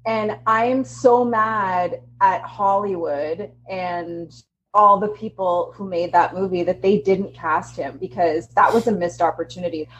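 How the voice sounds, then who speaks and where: A woman's voice: fairly low pitch, measured pace, a little hiss or hum, rough recording. A woman co-hosting a casual podcast, talking emphatically and laughing often. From Canada. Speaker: podcast co-host. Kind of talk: casual chat.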